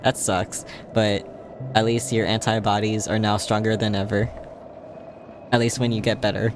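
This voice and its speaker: A man's voice: lowish voice, flat delivery, normal speed, noisy background. Giggly, tired livestream host guy. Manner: playful, giggly, chatting to viewers. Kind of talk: casual game-stream chat. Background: game music.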